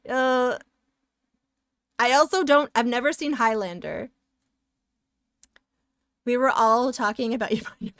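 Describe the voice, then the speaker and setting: A woman's voice: fairly high pitch, big pitch swings, measured pace, pauses often, a bit bright, dry recording, clean studio sound. A woman streamer chatting playfully and sassily with her viewers while she draws, giggling often. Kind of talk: casual live-stream chat while drawing.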